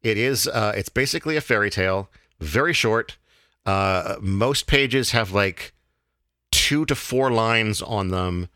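A man hosting a casual podcast, talking in a halting way with many fillers and restarts. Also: lowish voice, bright, forceful tone, dry recording, clean studio sound. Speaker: podcast host.

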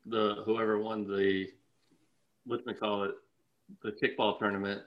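A man co-hosting a podcast who speaks haltingly with dry, wry remarks. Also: fairly low pitch, flat delivery, lo-fi sound. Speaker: podcast co-host. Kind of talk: casual podcast chat.

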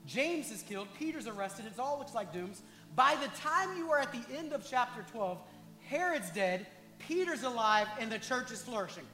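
A male pastor preaching a passionate sermon, at times rising to shouts and talking directly to the congregation. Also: very high voice, animated, moderate pace, echoey room, soft background music.

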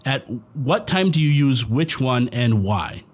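A man's voice: mid-range voice, big pitch swings, unhurried, breathy edge. A man co-hosting a podcast, teasing the others and reading out a listener's question. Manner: joking, teasing, reads listener email. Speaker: podcast co-host. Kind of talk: casual chat.

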